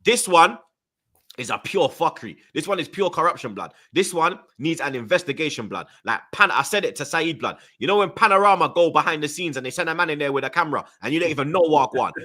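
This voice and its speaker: In a slightly high, pushed, and bright voice, a young London man of Jamaican heritage hosts a fiery football discussion at a quick, animated clip. Speaking multicultural London English, he rants in thick slang and stumbles over his words when angry.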